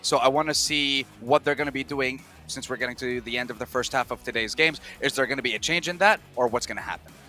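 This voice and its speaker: A man analysing esports matches on a desk, measured and explanatory. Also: mid-range voice, pushed and bright, faint music behind.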